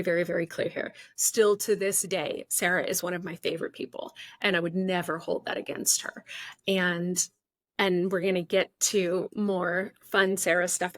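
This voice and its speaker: A woman's voice: fairly low pitch, no room sound, clean studio sound. A middle-aged woman hosting a podcast, telling a story in a candid, chatty way that jumps around. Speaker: podcast host. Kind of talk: casual storytelling.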